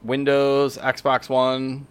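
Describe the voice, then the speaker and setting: A man co-hosting a podcast chats casually about a game he found, rambling a little with fillers and self-corrections. He speaks extremely slowly in a monotone, and his medium-pitched voice sounds clear and resonant.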